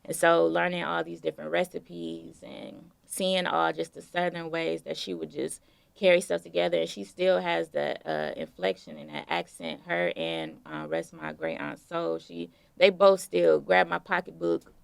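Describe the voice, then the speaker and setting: A young woman with a low voice and a strongly gravelly, fry-heavy texture. She talks in a relaxed, storytelling way during an interview, full of fillers. The sound is dry and close. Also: normal speed, dry recording. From Detroit. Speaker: guest artist. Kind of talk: casual interview conversation.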